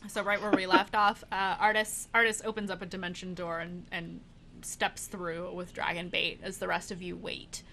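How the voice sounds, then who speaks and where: A woman's voice: fairly low pitch, little pitch movement, normal speed, pushed and bright, a little hiss or hum. A woman narrating as dungeon master of a tabletop game, chatty and laughing often, thinking aloud with fillers.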